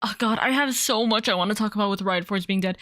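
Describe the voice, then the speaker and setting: A woman streaming from home as a VTuber, chatting casually in a rambling, excitable way and swearing freely. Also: medium pitch, quick pace, dry recording, studio quality. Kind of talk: casual livestream chat.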